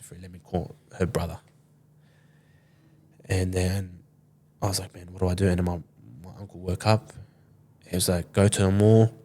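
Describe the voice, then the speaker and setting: A man in his twenties from Sydney, Australia, with a low-pitched, darkish voice, tells a story as a podcast guest. He's loose and casual, swears often, and acts out what other people said.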